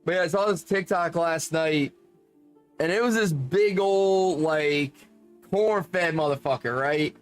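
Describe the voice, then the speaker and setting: A man's voice: high-pitched, takes it slowly, smooth, soft background music. A man chatting casually while gaming, rambling, joking and swearing freely. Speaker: gaming streamer.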